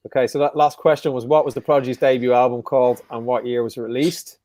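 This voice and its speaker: Male quiz host, joking and unhurried, in a dry close sound. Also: medium pitch, little pitch movement, darkish tone, no room sound. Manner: jokey, repeats each question slowly. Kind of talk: casual live quiz hosting.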